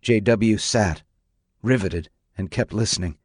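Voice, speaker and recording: A man narrating a novel on radio in a measured, even storytelling manner. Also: on the low side, breathy edge, no echo, clean studio sound. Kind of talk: audiobook reading on radio.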